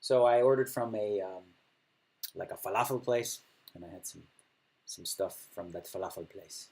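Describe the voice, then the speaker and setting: A man's voice: fairly low pitch, moderate pace, creaky, a little mellow. A middle-aged man casually chatting while streaming poker, laughing often and acting out other players' table talk. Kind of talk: casual chat.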